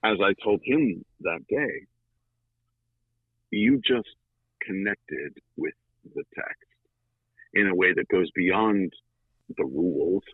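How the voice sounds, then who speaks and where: A man guesting on an interview show, telling a story in a lively conversational way with dramatic pauses. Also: deep voice, vocal fry, husky, dry recording. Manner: animated, with dramatic pauses and fillers. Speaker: guest, audiobook narrator. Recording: tinny phone-like line.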